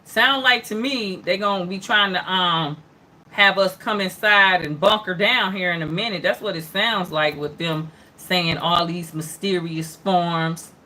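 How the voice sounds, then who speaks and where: Woman host reading news headlines on a stream, bright voice, lots of mm-hmms and chatty asides to the viewers. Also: on the low side, a little slow. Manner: reads headlines aloud, then reacts with chatty asides and many mm-hmms; greets and answers viewers by name. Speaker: host of an online news hour. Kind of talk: casual livestream headline commentary.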